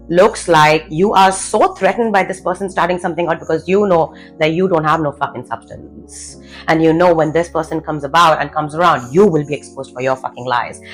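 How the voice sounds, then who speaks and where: A woman's voice: low voice, fairly bright tone, poor audio. A woman confidence coach delivering a blunt, cursing motivational rant, hammering out rhetorical questions. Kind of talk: profane motivational rant to camera.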